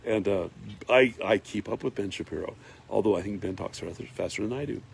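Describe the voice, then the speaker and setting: A man's voice: on the low side, brisk, vocal fry, slight background noise. A man hosting a casual live stream from his farm, reading viewer comments aloud and rambling with lots of fillers. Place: farm in Northern California.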